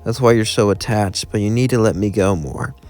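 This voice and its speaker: A man's voice: fairly low pitch, expressive, a little fast, darkish tone, soft background music, close to an everyday voice. A man voicing a caring, worried young woman in a fan story, earnest and pleading.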